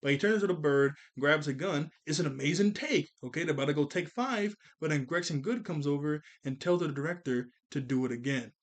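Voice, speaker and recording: A show reviewer recaps a cartoon episode in a fairly high voice, talking a little fast with few pauses. He rambles casually and corrects himself, acting out character lines in a raised voice. He sounds tired from a long day of recording.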